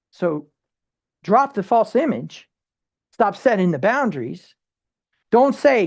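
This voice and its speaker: Bible study teacher, casual conversational teaching, rhetorical questions, quick restarts, acted-out asides. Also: mid-range voice, big pitch swings. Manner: acts out everyday people in short quoted asides.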